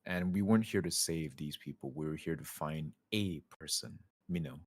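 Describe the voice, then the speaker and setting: Deep-voiced man playing a tabletop game. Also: moderate pace, darkish tone, dry recording. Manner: explains at length, drops to a whisper in character. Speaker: player. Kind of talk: casual tabletop role-play chat.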